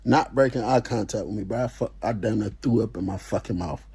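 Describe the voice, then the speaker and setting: Dark mellow-voiced guy, animated slangy storytelling, swears a lot. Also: on the low side, a little fast, slightly rough. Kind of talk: casual storytelling.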